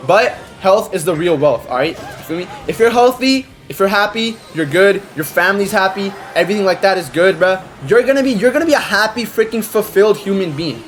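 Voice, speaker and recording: A teenage man chatting casually over gameplay in a slangy, rambling way, with sudden excitable outbursts. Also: sits high, fairly quick, hardly any pauses, faint music behind. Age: teens. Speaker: gaming creator.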